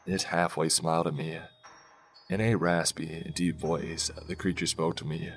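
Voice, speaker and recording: A man narrating a first-person scary story in a slow, hushed way, with soft music behind him. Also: extremely low pitch, level tone. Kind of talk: scripted horror story narration. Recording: faint background music.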